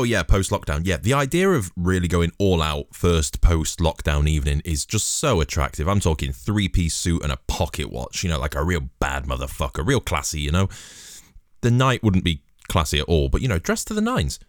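A man's voice: deep voice, no echo, clean studio sound. A man delivering a rambling, sweary, sardonic comedic monologue in a casual style.

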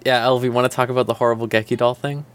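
A man's voice: medium pitch, very fast, clear, resonant tone. A man co-hosting a podcast, ranting about a show in casual chat, swearing often and filling with "like". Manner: animated ranting, frequent swearing and "like". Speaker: podcast co-host.

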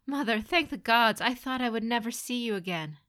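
A woman's voice: on the high side, lively intonation, fairly quick, a bit bright, voice pushed up. A woman voicing a desperate young man pleading with his mother, raised and stammering. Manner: rising, stammering, frantic pleas.

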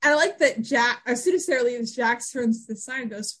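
A woman's voice: on the high side, moderate pace, hardly any pauses. A woman co-hosting a podcast, chatting casually about a TV episode and acting out characters' lines as she goes. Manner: animated, acts out lines from scenes. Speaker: podcast co-host. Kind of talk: casual chat recapping a TV episode.

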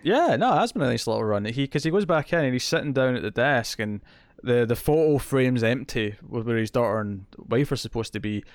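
A man's voice: mid-range voice, expressive, brisk, dry recording. A man co-hosting a podcast, talking through a story in a thoughtful, analytical, casual way. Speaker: podcast co-host. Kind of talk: casual chat.

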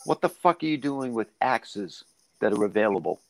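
A man's voice: medium pitch, animated, moderate pace, gravelly, no room sound, rough recording. A man hosting a casual chat, blunt and teasing, with frequent swearing.

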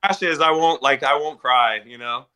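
A man's voice: medium pitch, a little slow, smooth. A man who is a guest on a podcast, chatting casually and acting out what others said, with lots of fillers. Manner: relaxed, talks with many fillers and acts out quotes. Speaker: podcast guest, former contestant. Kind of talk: casual interview chat.

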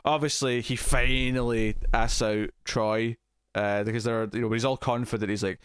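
A man talks on a podcast in a loose, rambling way, slipping into quoted lines as he goes. His voice sits at an ordinary pitch. The sound is dry and close, with no room echo. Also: normal speed, clear, resonant tone. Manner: rambling, animated, acts out quotes. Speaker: podcast co-host. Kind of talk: casual chat, recapping a TV episode.

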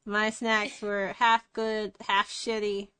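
A woman's voice: mid-range voice, little pitch movement, slow, a bit bright, a little hiss or hum. A woman hosting a podcast in casual chat, blunt and dry-humored, swearing freely. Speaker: podcast host.

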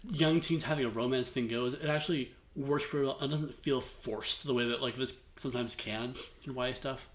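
A man's voice: mid-range voice, fairly even intonation, a little fast. A man in his late twenties co-hosting a podcast, talking casually with lots of fillers and hedging. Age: late 20s. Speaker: podcast co-host. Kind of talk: casual chat.

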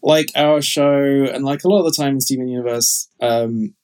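A man's voice: medium pitch, steady tone, normal speed, darkish tone. Man, podcast guest, casual interview, enthusiastic, chatty. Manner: enthusiastic, chatty, many fillers. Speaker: guest show creator.

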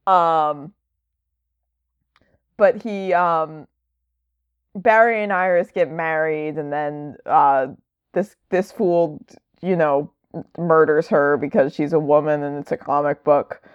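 Woman, casual chat, unhurried and lowish, dry muffled audio. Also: fairly even intonation, clear, resonant tone, no room sound. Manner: rambling, filler-heavy, wry.

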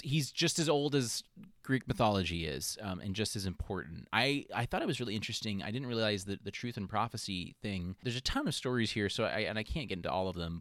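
A man co-hosting a podcast, chatting casually and rambling with quick silly impressions. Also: mid-range voice, a bit bright, no echo, studio quality. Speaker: podcast co-host. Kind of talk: casual chat about mythology.

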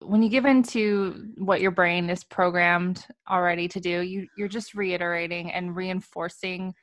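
Low-voiced woman co-hosting a coaching podcast. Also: moderate pace, no echo. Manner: explanatory, calm, laughs easily. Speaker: podcast co-host. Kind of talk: casual podcast chat about coaching.

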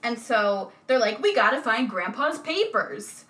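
A woman's voice: on the high side, sing-song, unhurried, a bit bright. A young woman co-hosting a podcast, recapping a movie with wry, sarcastic asides. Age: young adult. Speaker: podcast co-host. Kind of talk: casual chat recapping a movie.

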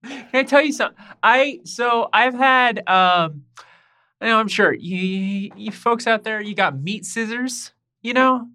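A woman co-hosting a casual podcast from home, chatting in a rambling way and getting loud when excited. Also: a little high, unhurried. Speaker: podcast co-host. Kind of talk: casual chat. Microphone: home mic over a voice call.

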